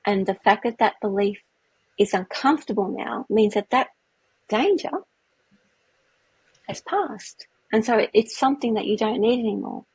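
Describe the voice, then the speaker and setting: A woman with a very husky, breathy voice co-hosts a relaxed podcast, talking things through reflectively and agreeing often. Her pitch is ordinary for a woman. The sound is dry and close, with no room echo. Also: moderate pace, pauses often. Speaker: podcast co-host. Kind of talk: casual chat.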